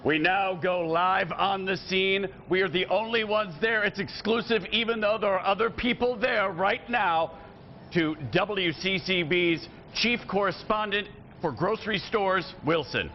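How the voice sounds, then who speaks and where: A man's voice: sits high, measured pace, a little hiss or hum. A man delivering a mock-dramatic, overblown live news intro from off-camera. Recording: muffled audio from off-mic.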